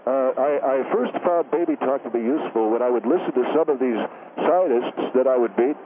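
A self-important, easily offended scientist, as a man puts him on, speaking over a narrow phone line with faint hiss. His voice is mid-pitched and he sounds indignant. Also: fairly quick, close to an everyday voice. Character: touchy, pompous male scientist, middle-aged.

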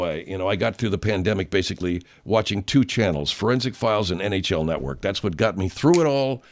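A man hosting his own show, telling a story in a profane, digressive, animated way. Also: fairly low pitch. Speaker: host. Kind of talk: casual show monologue.

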